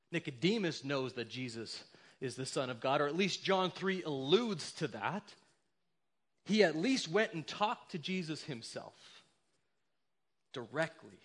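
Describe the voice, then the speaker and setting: A man's voice: mid-range voice, fairly bright tone. A man preaching a sermon to his church, emphatic and rhetorical, often checking in with the congregation. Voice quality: emphatic, rhetorical, repeated "right?". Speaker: pastor.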